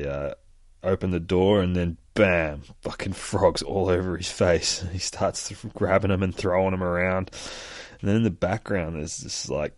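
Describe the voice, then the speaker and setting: Man, very low voice, dry close sound, swears a lot, excited comic recap. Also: no room sound. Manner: profane, excitable, laughs often. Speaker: comic book reviewer. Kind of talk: casual retelling of a comic.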